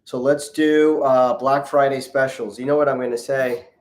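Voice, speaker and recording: A man's voice: mid-range voice, steady tone, normal speed, darkish tone. A man, a plastic surgeon, hosting a casual live Q&A, reading viewer comments aloud and joking as he greets people by name. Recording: roomy echo.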